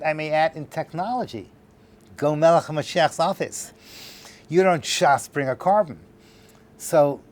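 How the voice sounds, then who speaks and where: A middle-aged man lecturing a class, spinning a story and slipping into the voices of its characters with playful asides. His voice sits fairly high for a man. A faint hum of room ambience runs under him. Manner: animated storyteller acting out dialogue, joking asides. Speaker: rabbi teaching a class. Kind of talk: storytelling lecture to a live audience. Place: lecture hall.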